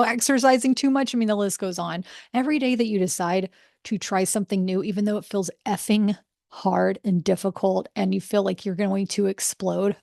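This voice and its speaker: A woman's voice: medium pitch, gravelly, darkish tone, dry recording. Woman coach hosting a motivational podcast monologue; encouraging, candid, casual, dry close sound. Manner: casual with fillers. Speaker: podcast host and breath work coach.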